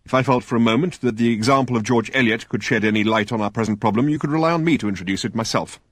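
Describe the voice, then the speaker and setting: A man's voice: mid-range voice, very fast, no echo, lightly acted. A man playing a pompous middle-aged male scientist who lectures testily and sounds self-important. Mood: lecturing.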